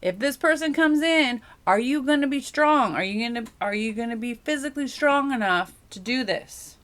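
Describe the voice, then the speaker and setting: A woman's voice: sits high, expressive, normal speed, a bit bright. A woman giving a casual tarot reading, giggling often and rambling as she muses aloud. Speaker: tarot reader.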